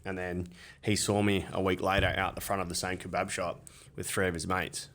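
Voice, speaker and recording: A man's voice: deep voice, level tone, a little fast, fairly bright tone. A man with an Australian accent co-hosting a podcast, crude and laughing often while telling stories. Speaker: podcast co-host. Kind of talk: casual chat.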